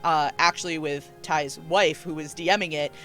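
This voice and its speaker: A woman's voice: low-pitched, steady tone, moderate pace, fairly bright tone, soft background music. Chatty woman hosting a roundtable. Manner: chatty, many fillers and restarts. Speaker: host. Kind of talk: casual roundtable chat.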